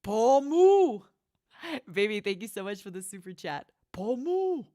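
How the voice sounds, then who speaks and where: A woman's voice: medium pitch, steady tone, fast talker, no room sound, studio quality. A woman streamer hosting a watchalong in casual livestream chat, playful and affectionate, calling her viewers honey.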